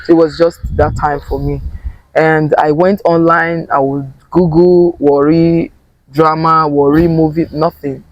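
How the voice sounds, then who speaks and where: A young Nigerian actress chatting in an interview, lively and quick to slip into Pidgin. Her voice sits close and dry with no room around it. She talks in a loose, storytelling way. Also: sits low, dry recording, highs cut off. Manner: animated, mixing English with Pidgin, laughs often. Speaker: actor guest. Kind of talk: casual interview chat.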